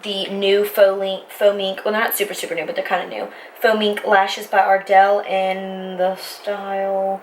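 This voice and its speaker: A young woman in her twenties chats her way through a makeup tutorial, rambling and cutting herself off mid-thought. Her voice sits at a middling pitch. There is a faint noise floor under the recording. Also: flat delivery, normal speed, hardly any pauses, poor audio. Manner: rambling, self-interrupting, talks while applying makeup. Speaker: beauty vlogger.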